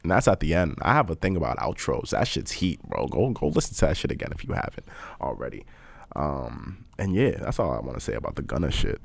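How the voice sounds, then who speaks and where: A man's voice: rumbling low, very animated, a little fast, gravelly, dry recording. A young man co-hosting a podcast, chatting casually in slang with frequent laughter. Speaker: podcast co-host. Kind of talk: casual chat.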